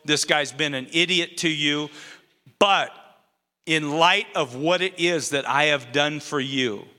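A man preaching in a church sanctuary, his voice bright and a little high for a man. He retells scripture in loose, conversational words. A long reverb from the big hall trails behind him. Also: unhurried. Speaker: pastor. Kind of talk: sermon.

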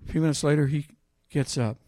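A man preaching a sermon, reading scripture aloud with loud emphasis and telling a personal story in a quieter voice. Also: on the high side, steady tone, quick pace, no room sound, studio quality.

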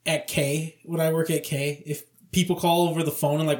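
Laughing man with a slightly high voice. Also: little pitch movement, moderate pace, darkish tone. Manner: laughing, blunt retail anecdotes. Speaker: podcast co-host. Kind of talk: casual chat.

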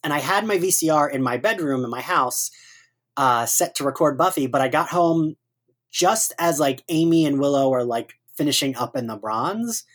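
A woman with a notably deep, low voice leads a podcast recap, walking through scenes and handing questions to her guests. She giggles easily and keeps the chat loose and conversational. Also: animated, moderate pace. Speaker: podcast co-host. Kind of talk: casual chat.

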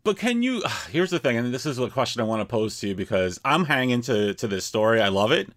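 Man, podcast co-host, casual chat, animated, mid pitch, dry sound. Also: fast talker, no room sound. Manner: animated, swears, laughs often.

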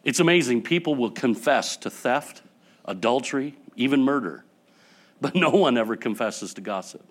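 A man preaching a sermon to his church, building up to loud passionate peaks and then dropping to quiet, soft passages. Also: medium pitch, lively intonation, normal speed. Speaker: pastor.

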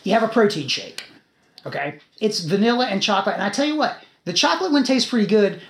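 Man, podcast host, animated pitch, chatty, swears a lot, echoey room. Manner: chatty, lively, swears casually. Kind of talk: casual chat.

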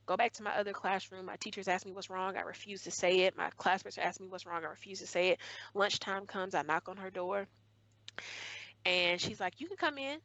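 A woman's voice: medium pitch, little pitch movement, fairly quick, a bit bright, dry recording, rough recording. A young woman guest in a conversation, earnestly retelling a hurtful school memory, often acting out what was said. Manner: earnest, emotional retelling with acted quotes. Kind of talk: personal storytelling in conversation.

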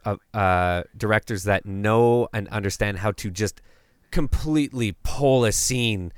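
A man's voice: fairly low pitch, measured pace, clean tone, no room sound. A man co-hosting a podcast, chatting casually about horror films, telling stories and acting out the people in them. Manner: storytelling, acts out quoted people, many fillers. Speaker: podcast co-host.

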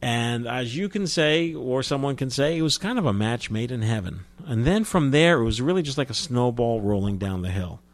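As a guest on an interview, a New Jersey man who works in film distribution spins casual stories with animation at normal speed, hardly pausing. His medium-pitched voice is recorded with no room sound, and his chatty delivery is full of restarts.

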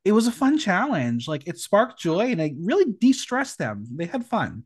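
A man hosting a casual podcast recap, telling it in a lively, playful way with dry asides. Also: sits high, normal speed, slightly rough, dry recording. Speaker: podcast host.

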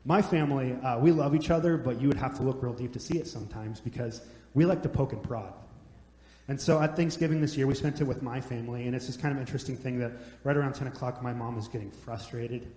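A man's voice: medium pitch, quick pace, mellow, slight background noise. Casting: young male pastor, joking storyteller, big church reverb. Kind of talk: sermon. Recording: echoey hall, long reverb.

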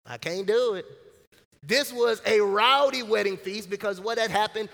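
High-voiced preaching pastor, hall echo. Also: male voice, moderate pace, vocal fry. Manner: lively preaching with slang and acted-out quotes. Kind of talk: sermon. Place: church sanctuary. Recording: church hall reverb.

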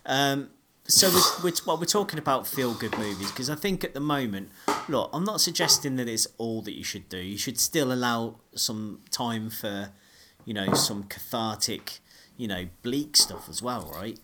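A man's voice: medium pitch, animated, moderate pace, hardly any pauses, heavy background noise. A man co-hosting a podcast in casual chat, rambling and often restarting his sentences. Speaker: podcast co-host.

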